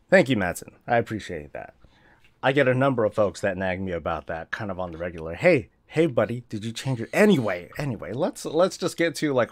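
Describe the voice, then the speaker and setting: Chatty low-voiced man streaming live. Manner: rambling, self-deprecating, chatty with viewers. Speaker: streamer hosting a morning show. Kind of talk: casual live-stream chat.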